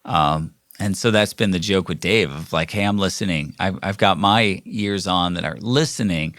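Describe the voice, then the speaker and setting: A middle-aged man tells a story on his podcast. His lower voice has a bright, forceful edge. He rambles along with fillers and restarts, and the dry, close mic takes in every word. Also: normal speed, no echo. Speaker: podcast host. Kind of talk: casual storytelling monologue.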